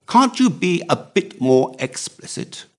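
A man reading aloud and voicing a jaunty upper-class gentleman with breezy, joking banter. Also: mid-range voice, wildly swooping pitch, moderate pace, voice pushed up.

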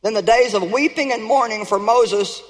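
A woman preacher delivering an emphatic sermon, her voice swelling toward near shouts on key points. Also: fairly high pitch, moderate pace, big-room sound.

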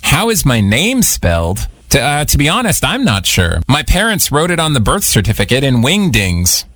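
A man hosting radio in a joking, deadpan way. His pitch swings widely as he plays along with the bit. The sound is dry and close, from a studio microphone. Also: normal speed, dry recording. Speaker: radio host. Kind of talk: comedic radio banter.

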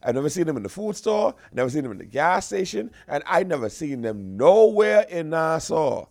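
A young man doing a stand-up comedy routine, animated and slangy, on a stage microphone. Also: on the high side, normal speed, vocal fry, no room sound. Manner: animated, repetitive, slangy storytelling.

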